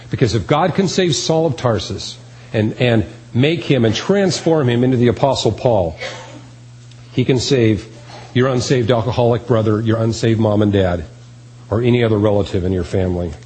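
A man's voice: mid-range voice, a little mellow, poor audio. A man preaching a sermon, earnest and emphatic, repeating key phrases. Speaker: pastor.

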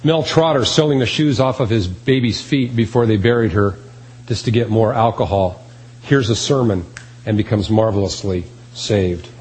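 A man's voice: fairly low pitch, moderate pace, a little mellow, rough recording. A man preaching a sermon, earnest and emphatic, repeating key phrases. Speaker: pastor.

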